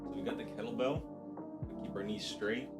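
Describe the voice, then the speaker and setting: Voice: medium pitch, brisk, loud music behind the voice. A livestreamer chatting casually on stream in a self-mocking, talkative way.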